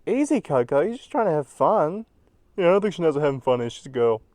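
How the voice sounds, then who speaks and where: A man's voice: on the high side, big pitch swings, fast, a little mellow. A man voicing a brash, easygoing young boy puppy who chatters in an offhand way.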